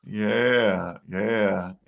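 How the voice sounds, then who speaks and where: A man's voice: on the low side, steady tone, extremely slow, creaky. A man co-hosting a casual podcast chat, joking often and greeting live viewers by name. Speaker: podcast co-host.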